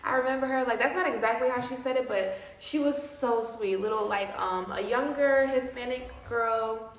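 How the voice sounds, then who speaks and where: A young woman telling a personal story on her vlog in a casual, slangy, lively way. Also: on the high side, normal speed. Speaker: vlogger. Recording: roomy echo.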